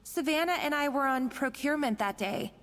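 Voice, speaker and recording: A woman voicing a timid, guilt-ridden young female cook in a video game, halting, apologetic and stammering. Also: high voice, lively intonation, fairly bright tone. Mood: remorseful. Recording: game audio with long reverb and faint music.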